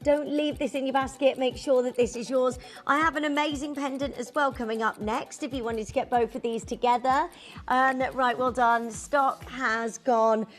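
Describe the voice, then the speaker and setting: A woman's voice: sits high, fairly even intonation, normal speed. A woman co-hosting a live shopping channel sale, gushing over the jewellery and counting down the remaining stock. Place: TV studio.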